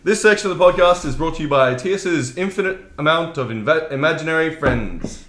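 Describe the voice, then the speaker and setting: Lively bright-voiced man hosting. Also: on the high side, brisk. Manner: playful, teasing, jumpy delivery. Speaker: podcast host. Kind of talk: casual chat. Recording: roomy echo.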